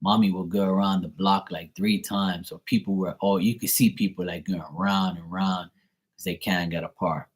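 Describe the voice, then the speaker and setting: A man's voice: low voice, level tone, normal speed, slightly rough, rough recording. A man hosting a tarot reading live stream, telling profane, chatty anecdotes. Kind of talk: casual live-stream storytelling.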